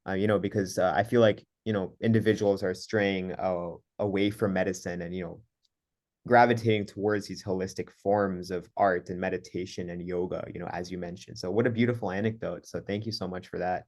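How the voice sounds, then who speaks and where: A man's voice: deep voice, fairly even intonation, a little fast, darkish tone. A man hosting a podcast interview, asking long, hesitant questions full of fillers. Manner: hesitant, many fillers and you-knows. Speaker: podcast host.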